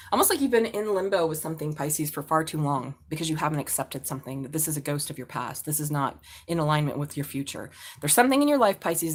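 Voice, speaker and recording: A middle-aged woman talks through a live tarot reading, loose and chatty. Her voice sits a little low, and she swears casually and laughs easily as she goes. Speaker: tarot reader.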